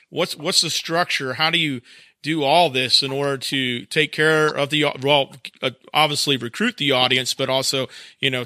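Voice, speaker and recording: A man's voice: mid-range voice, sharp tone, dry recording, clean studio sound. A man hosting a podcast, asking questions and giving short encouraging replies. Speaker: podcast host. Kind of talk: interview questions.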